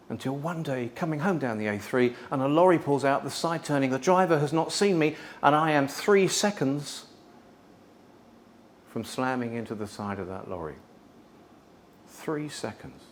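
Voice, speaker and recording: A man around sixty coaching presentation skills in a workshop, telling stories with dramatic shifts in tone and loudness. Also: medium pitch, slight background noise. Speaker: public speaking coach.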